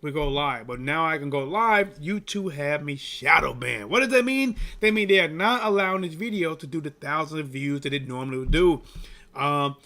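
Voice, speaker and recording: Animated male livestream sports host. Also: a little high, normal speed. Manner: animated, repetitive, hyping the chat. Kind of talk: casual live-stream chat.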